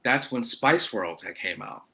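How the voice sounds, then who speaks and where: A man from Florida, a wrestler guesting on a podcast, telling a rambling story full of quoted self-talk and quick asides. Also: mid-range voice, very animated, vocal fry, crowd noise, poor audio. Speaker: indie pro wrestler guest. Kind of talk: casual podcast chat.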